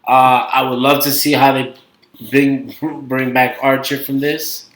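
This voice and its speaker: A man's voice: medium pitch, flat delivery, unhurried, a bit bright. A man with a Brooklyn accent co-hosting a casual podcast, rambling and hesitant, trailing off often. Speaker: podcast co-host. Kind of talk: casual chat. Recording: echoey room.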